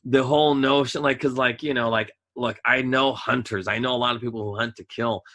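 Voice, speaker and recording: Male podcast host, bright and forward tone, loose animated storytelling. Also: medium pitch, brisk. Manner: rambling, animated, acts out voices in quotes. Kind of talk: casual storytelling.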